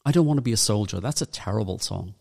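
A man's voice: on the low side, expressive, fast, gravelly, a little mellow, husky, big-room sound. A man with a Northern Irish accent co-hosting a podcast, chatting casually and reeling off dates and facts. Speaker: podcast co-host. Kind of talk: casual chat.

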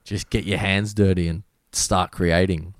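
Relaxed Australian man, low voice. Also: a little slow, no room sound, clean studio sound. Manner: relaxed, slangy, swears freely. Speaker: guest DJ and producer. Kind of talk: casual podcast interview.

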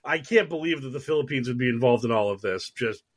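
A man co-hosting a podcast, chatting casually with sarcastic asides and lots of quick agreement. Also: mid-range voice, lively intonation, slightly rough. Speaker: podcast co-host. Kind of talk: casual chat.

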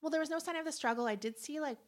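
A woman's voice: high-pitched, rapid-fire. Woman host, casual true-crime podcast narration, chatty, laughs easily. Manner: chatty, laughs often, acts out quotes.

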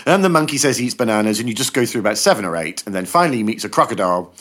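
Lively man telling long jokes. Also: lowish voice, rapid-fire. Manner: animated storyteller acting out joke characters. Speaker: podcast guest. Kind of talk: casual chat.

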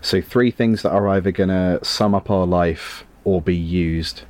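Lower-voiced male podcast host, teasing. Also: a little slow, a little mellow. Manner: laughing, teasing banter. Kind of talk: casual chat.

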